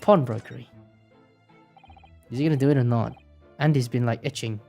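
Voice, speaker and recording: A woman's voice: rumbling low, normal speed, warm tone, soft background music. A woman streamer chatting casually and teasing her chat while playing a game. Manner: teasing, joking with chat, laughing.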